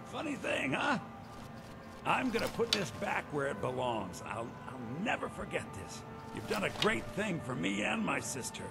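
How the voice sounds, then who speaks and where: An actor playing a flustered middle-aged village shopkeeper in a game, stammering and apologetic. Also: male voice, high-pitched, sing-song, measured pace, gravelly, exaggerated voice. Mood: grateful. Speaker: game character. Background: loud game music.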